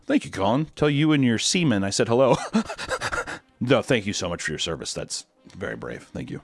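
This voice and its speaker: A man's voice: medium pitch, big pitch swings, a little fast, gravelly, no echo. Joking, crude male streamer. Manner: crude, joking, sarcastic asides. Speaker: streamer reading fan messages. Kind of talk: casual chat.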